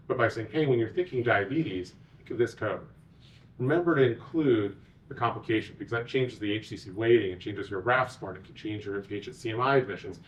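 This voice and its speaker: A man, a physician executive, giving a conference talk with animated, sarcastic asides. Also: medium pitch, distant mic.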